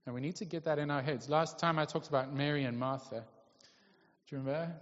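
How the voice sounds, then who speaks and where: A man's voice: fairly high pitch, fairly even intonation, quick pace, a bit bright. Guy preaching, chatty and keeps checking in with the crowd, muffled lo-fi sound. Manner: conversational, checks in with the audience. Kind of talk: sermon. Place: church hall. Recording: lo-fi, echoey hall.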